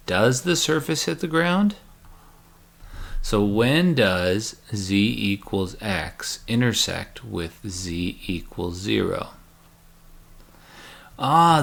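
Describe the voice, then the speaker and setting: A man's voice: on the low side, gravelly, fairly bright tone. A man teaching a recorded math lecture, chatty and joking as he walks through each step aloud.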